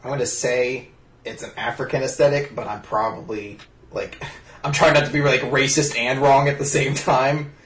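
A man's voice: mid-range voice, fairly even intonation, normal speed, fairly bright tone, echoey room, low-quality recording. A man casually chatting about an anime as a podcast co-host, joking and swearing, and sometimes trailing off while he thinks something through.

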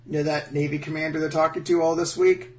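Excitable, jokey man in casual chat. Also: fairly high pitch, fast. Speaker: podcast co-host.

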